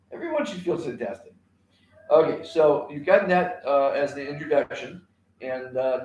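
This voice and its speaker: A man's voice: high voice, echoey room, poor audio. A man teaching a kindness class alone on a live stream, rambling with many fillers and repeated words.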